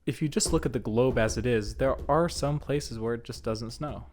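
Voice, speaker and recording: A man's voice: mid-range voice, normal speed, darkish tone, slight background noise. Laid-back young man co-hosting a podcast. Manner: rambling, laughs often, many restarts. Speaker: podcast co-host. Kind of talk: casual chat.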